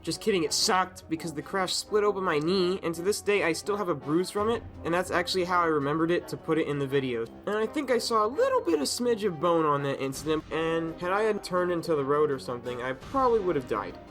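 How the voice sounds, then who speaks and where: A young man from Tennessee narrating an animated storytime with jokes and self-deprecating asides. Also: fairly high pitch, fast, few pauses, faint music behind.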